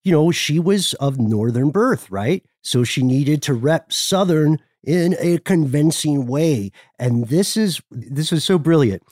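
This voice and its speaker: A man co-hosting a casual history podcast, his voice moving widely in pitch as he tells the story with animated enthusiasm. The sound is close and dry. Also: unhurried, hardly any pauses, dry recording. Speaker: podcast co-host.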